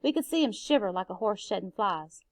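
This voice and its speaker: Woman teacher, reading aloud, expressive, dry close sound. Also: mid-range voice, brisk, dry recording.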